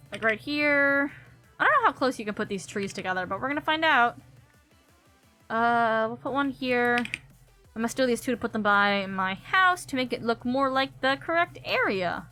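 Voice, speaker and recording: Soft music plays behind a young woman who streams a game and chats casually, thinking aloud and giggling. Her voice is a little high, animated, bright and forceful, at a moderate pace.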